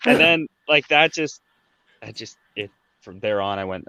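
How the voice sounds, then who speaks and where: A man's voice: on the low side, animated, a little slow, pushed and bright, muffled recording, a little hiss or hum. A man in his thirties from Canada, guest on a podcast, telling a personal story in a casual, chatty way, often tagging sentences with "right?". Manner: conversational, fillers like "right?" and "like".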